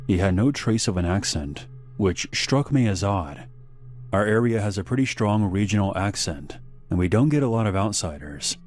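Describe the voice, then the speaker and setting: A man narrating an animated horror story in a measured, slow storytelling manner. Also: deep voice. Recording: faint background music.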